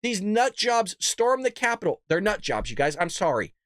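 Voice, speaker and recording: A man hosting a political commentary show, ranting with heated, profane outbursts that swing from loud to muttered asides. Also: high-pitched, sing-song, normal speed, dry recording, clean studio sound.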